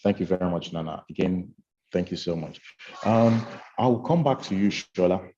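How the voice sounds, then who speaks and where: A man's voice: deep voice, moderate pace, warm tone, a little hiss or hum. A man moderating a panel over a video call, a little hesitant and repeating words. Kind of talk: hosting a virtual panel. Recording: dull lo-fi video call audio.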